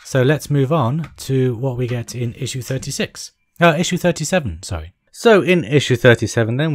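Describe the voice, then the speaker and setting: A man's voice: lowish voice, no room sound, studio quality. A man casually talking through a model kit build step by step, with chatty, apologetic asides as he works.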